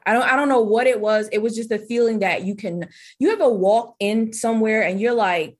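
A woman who coaches stylists, talking casually in an interview and acting out her own quotes with lively jumps in voice. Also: fairly quick, hardly any pauses. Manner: animated storyteller, acts out her own quotes in a higher voice. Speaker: guest, business coach and former hairstylist.

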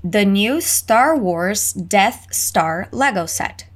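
Slow, lively woman teaching English phrases. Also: mid-range voice. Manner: lively, exaggerated intonation for learners to repeat. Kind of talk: slow, clear repetition drills.

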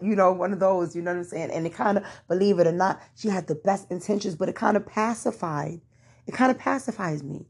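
A woman's voice: fairly low pitch, a little fast, gravelly, husky. A young adult woman hosting her own show, casually telling listeners a personal faith testimony, addressing them as y'all with lots of fillers. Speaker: podcast host.

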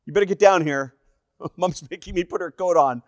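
A man voicing his teenage son, calling out loudly and eagerly to his father. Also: high voice, fairly quick, no echo, studio quality, close to an everyday voice.

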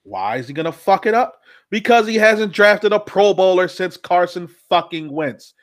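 A man hosting a casual sports talk show, ranting in an animated, profane way. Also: high voice, normal speed. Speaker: podcast host.

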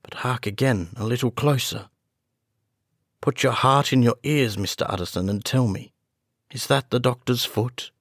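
A man voicing a frightened old male butler who speaks in a hushed, fearful way. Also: medium pitch, moderate pace, no room sound, studio quality, close to an everyday voice.

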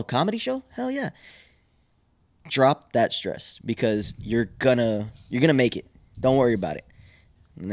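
A man's voice: mid-range voice, no echo. A male podcast co-host who produces comedy shows, chatting in a laid-back way and swearing casually.

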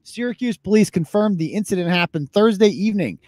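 A man's voice: high voice, animated, a little fast, a little mellow, no echo. A man hosting a live podcast, commenting bluntly and mockingly on viral videos with plenty of swearing. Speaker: podcast host.

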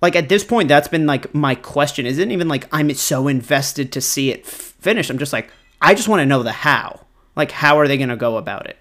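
A man's voice: a little high, animated, a little fast, a bit bright. Man, laid-back, joking, casual chat.

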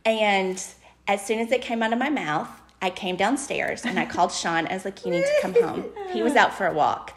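A woman with an Alabama accent, co-hosting a parenting podcast and telling a personal story in a lively, self-mocking way. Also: mid-range voice, normal speed, background noise. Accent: Southern US, Alabama. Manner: animated storyteller, laughs at herself. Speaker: podcast co-host. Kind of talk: casual chat, personal story.

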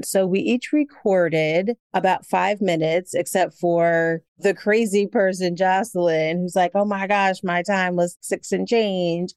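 A woman's voice: mid-range voice, a little mellow, clear, resonant tone, no room sound, studio quality. A woman co-hosting a podcast in a casual, bubbly chat, laughing often as she talks. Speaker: podcast co-host.

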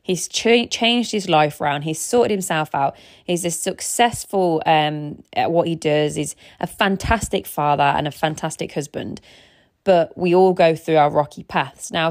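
Woman in her 30s, solo podcast, chatty and rambling, slightly low voice. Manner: chatty, rambling storyteller with frequent restarts. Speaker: podcast host. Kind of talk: casual solo podcast monologue.

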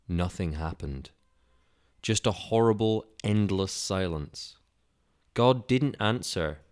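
A man's voice: deep voice, clear, resonant tone. A man reading a Bible story for children in a solemn, dramatic way.

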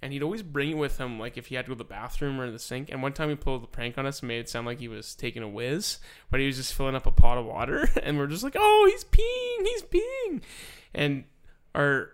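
A man's voice: mid-range voice, quick pace, clean tone. A young man co-hosting a podcast, casually telling school stories, acting out voices and laughing often. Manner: animated storyteller, acts out quoted voices, laughs often. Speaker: podcast co-host. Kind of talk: casual chat.

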